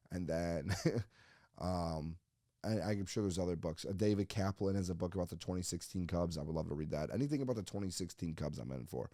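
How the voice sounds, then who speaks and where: A man's voice: deep voice, warm tone, no room sound, studio quality. A man hosting a comedy podcast, reading a listener post aloud and joking about it in casual chat. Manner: joking, reads listener posts aloud and riffs on them. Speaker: podcast host.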